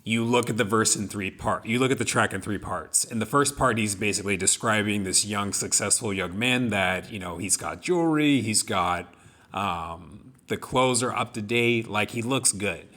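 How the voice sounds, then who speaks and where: A man's voice: lowish voice, moderate pace, fairly bright tone. A young man co-hosting a podcast, telling personal stories in an earnest, reflective way. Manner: earnest, reflective storytelling with many restarts. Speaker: podcast co-host. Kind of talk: casual discussion of song lyrics.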